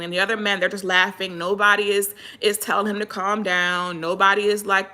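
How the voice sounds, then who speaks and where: A woman from Pennsylvania in the middle of a casual livestream rant, her voice bright and forward. She sounds animated and exasperated, and she stops to greet viewers by name before picking the thread back up. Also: mid-range voice, measured pace. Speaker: livestream host.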